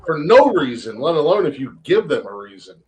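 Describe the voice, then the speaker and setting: A man's voice: a little high, very animated, a little fast, darkish tone. A man co-hosting a podcast, joking around in crude, casual banter. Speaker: podcast co-host. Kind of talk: casual chat.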